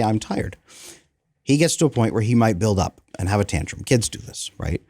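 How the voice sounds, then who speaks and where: A man's voice: on the low side, moderate pace, vocal fry, dry recording, studio quality. A man in his thirties, a guest on an interview show, explaining emphatically and with energy. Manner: emphatic, energetic, acts out quoted dialogue. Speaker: guest, attachment coach. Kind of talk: animated explanatory interview talk.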